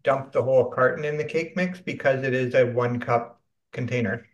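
A man from Canada co-hosting a casual chat while baking, speaking in a measured, hesitant way with many ums. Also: medium pitch, steady tone, echoey room, lo-fi sound. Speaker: podcast co-host.

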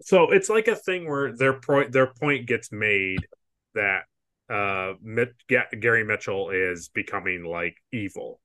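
A man's voice: fairly low pitch, animated, measured pace, pushed and bright. A man co-hosting a podcast, chatting casually and recapping a TV episode, laughing often and acting out characters' lines. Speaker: podcast co-host.

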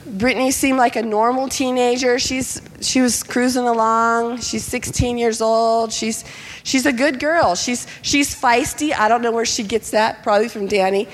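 Woman pastor, middle-aged, lively sermon storytelling, fairly high voice, long hall reverb. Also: moderate pace. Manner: animated, acts out quoted voices.

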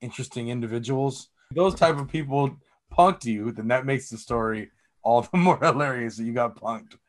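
A man's voice: mid-range voice, moderate pace. A man in a casual chat, laid-back and teasing in his reactions.

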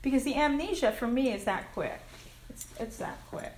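A woman's voice: high-pitched, animated, moderate pace, a little mellow, a little hiss or hum. Candid older woman in an echoey room. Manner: candid and frank, swears casually, laughs at herself. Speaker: speaker at a recovery meeting. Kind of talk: personal recovery share. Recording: echoey room with faint ambience.

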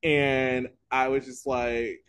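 A man co-hosting a podcast, telling stories in a casual, animated way and laughing often. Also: medium pitch, slow, clean tone. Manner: animated storytelling, laughs often, loses his train of thought. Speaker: podcast co-host. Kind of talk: casual chat.

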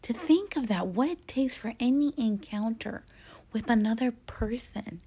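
A woman giving a motivational talk, earnest and emphatic, pausing for effect and sometimes dropping to a hushed whisper. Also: on the high side, lively intonation, slightly rough. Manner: earnest, emphatic, deliberate with dramatic pauses, drops to hushed whispers. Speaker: motivational speaker.

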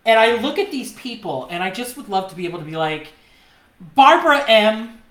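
A man co-hosting a podcast, telling a story in a casual, animated way, laughing often and mimicking the people in it. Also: sits high, fast, slight background noise. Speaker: podcast co-host. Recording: roomy echo.

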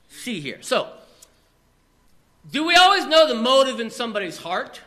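A male pastor preaching in an animated, call-and-response style, with a high, bright voice. His pitch leaps and swoops, and he keeps prompting the congregation to answer back. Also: normal speed. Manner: animated, calls for audience response; repetitive filler "here". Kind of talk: sermon.

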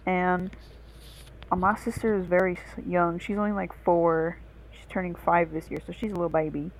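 A woman's voice: on the low side, level tone, moderate pace, slight background noise, low-quality recording. A young woman co-hosting a casual podcast, telling a long story in a rambling, profane way. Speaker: podcast co-host.

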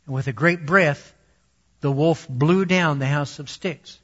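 A man reading a children's story aloud slowly and deliberately, and then teaching a Bible lesson. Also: on the high side. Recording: dull lo-fi recording.

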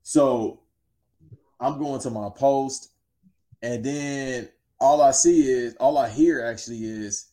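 A man's voice: mid-range voice, slow pace, mellow. Slangy man telling a story casually.

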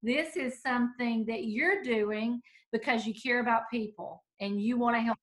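Bright-voiced encouraging woman co-host. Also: on the high side, moderate pace. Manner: effusive, encouraging, with many restarts. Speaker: podcast co-host. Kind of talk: casual podcast chat.

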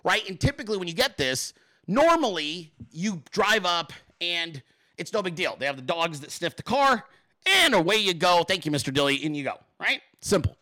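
A man hosting his own show, telling a story in a crude, profane, animated way and often checking in with "okay?" or "right?". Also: high voice, dry recording, poor audio. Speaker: podcast host.

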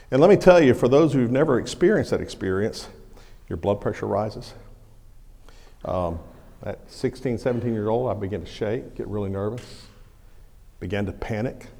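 Folksy pastor in a reverberant sanctuary. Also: male voice, medium pitch, creaky. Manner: folksy, animated storytelling with acted shouts. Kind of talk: sermon storytelling. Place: church sanctuary. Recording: long hall reverb.

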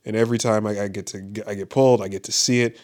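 A man's voice: on the low side, fairly even intonation, fast talker, darkish tone. A man who does stand-up, ranting casually and profanely, rambling with lots of "like" and frequent laughs. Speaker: stand-up comedian. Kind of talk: casual podcast-style rant. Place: Los Angeles area.

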